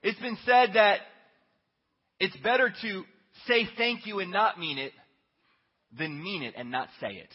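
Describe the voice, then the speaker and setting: A man preaching a Sunday sermon, telling a story in an earnest, conversational way that swings between hushed and emphatic. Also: high-pitched, unhurried, pauses often, husky. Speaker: pastor. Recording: echoey hall, dull lo-fi sound.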